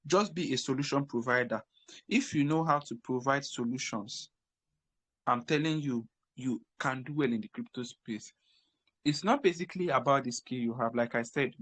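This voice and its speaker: A man's voice: mid-range voice, moderate pace, a bit bright, no room sound. Emphatic man giving crypto career advice. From Africa. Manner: repetitive, emphatic, frequent restarts. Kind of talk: casual advice talk.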